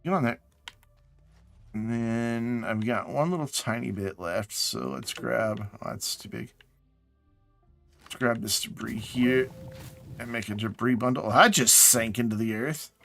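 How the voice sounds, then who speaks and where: A man's voice: medium pitch, measured pace, vocal fry, long pauses, fairly bright tone, soft background music. A man casually chatting to his viewers while playing a game on a live stream, sounding tired and yawning. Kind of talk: casual live gameplay chat.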